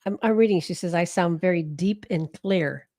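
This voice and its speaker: A woman co-hosting a casual live stream, soft and quiet, laughing often. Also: fairly low pitch, normal speed, no room sound, studio quality.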